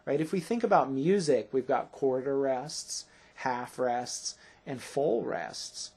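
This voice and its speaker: A man's voice: mid-range voice, takes it slowly, darkish tone, slightly rough. A man teaching a grammar lesson, explaining patiently and checking in with "right?" after each point.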